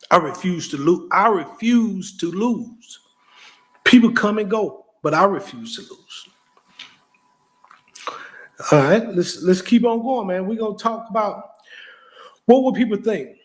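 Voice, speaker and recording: Man hosting a motivational talk, casual and direct, stumbles and repeats words when excited, slightly high voice. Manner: energetic, repeats himself and stammers when excited; casual, direct, speaks straight to the listener. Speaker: host.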